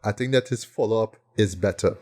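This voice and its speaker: A man's voice: fairly low pitch, fairly quick, a little mellow. Guy on a podcast gushing about horror movies, keeps saying right?, laid-back chatty delivery. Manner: enthusiastic, peppers talk with "right?". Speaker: podcast co-host. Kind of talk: casual film review chat.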